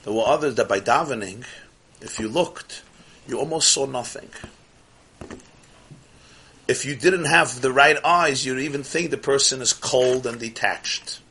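Husky, impassioned man teaching Chassidic ideas. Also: mid-range voice, measured pace, long pauses. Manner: impassioned, swings from loud outbursts to near-whispers; sprinkles Yiddish and Hebrew terms. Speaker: Torah teacher. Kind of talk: Chassidic lecture.

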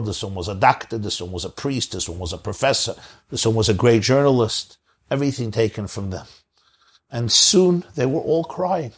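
A male preacher telling a moral story in a sermon. He speaks earnestly and pauses for drama. His voice is husky at a middle pitch.

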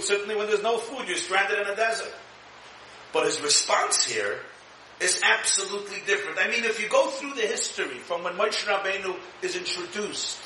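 A man preaches a lively sermon in a high, bright voice, acting out quotes and leaning hard on his words. He sounds set back from the mic in an echoey room. A faint hiss runs under the recording. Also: far from the mic. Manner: dramatic, shifts into acted quotes with rising pitch. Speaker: rabbi. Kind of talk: animated sermon.

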